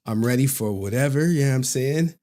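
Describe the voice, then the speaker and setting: A man's voice: medium pitch, a little fast, warm tone. A man hosting a casual live stream, loose and joking, who repeats his phrases and laughs often. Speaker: stream host and commentator.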